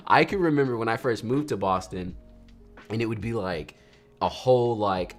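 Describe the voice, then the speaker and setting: A little slow and fairly low in pitch, a North Carolina man in his 30s chats casually on his photography livestream. He stays lively and jokey, reading messages from the chat aloud and acting out quotes, as faint music plays behind him.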